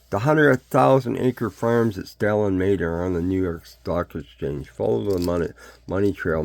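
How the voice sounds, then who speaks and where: This is an older man from Canada rambling through a blunt, folksy monologue, wandering from one subject to another. His voice sits very low with a gravelly edge, and it sounds close and dry, with almost no room around it. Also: darkish tone, no room sound. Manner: blunt, folksy, jumps between topics.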